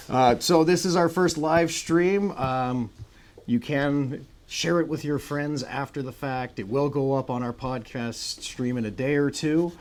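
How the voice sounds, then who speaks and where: A man's voice: medium pitch, slow pace, a little mellow. A man hosting a live-streamed podcast from a studio, chatty, with filler words and self-aware jokes. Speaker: podcast host. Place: new studio with a green screen.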